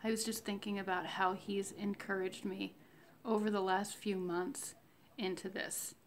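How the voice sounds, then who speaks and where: A woman speaks in an unhurried, reflective way, sharing a personal faith diary. Her voice carries a gravelly fry at the ends of phrases. She pauses often and fills the gaps with soft fillers. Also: medium pitch, flat delivery, a little hiss or hum. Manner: slow, reflective, devotional, with many fillers. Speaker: vlogger sharing a fasting diary. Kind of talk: casual spoken faith diary.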